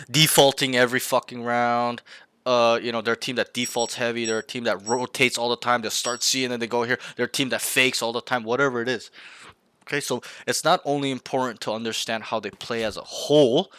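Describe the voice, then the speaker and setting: A man's voice: mid-range voice, fairly even intonation, a little fast, bright, forceful tone, clean tone. A young man coaching a student over voice chat, rambling and emphatic, swearing casually as he acts out in-game callouts.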